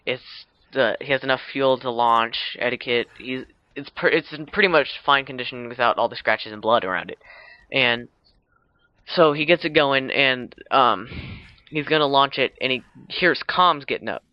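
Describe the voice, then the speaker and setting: A man's voice: mid-range voice, normal speed, no room sound, muffled recording. A man casually retelling a film plot, rambling with many fillers and self-corrections. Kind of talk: casual spoken plot summary.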